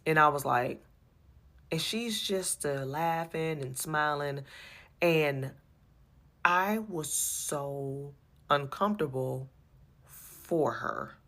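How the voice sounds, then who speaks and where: A woman telling an animated, exasperated personal story about her church, repeating herself as she goes. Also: sits low, extremely slow, long pauses. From USA.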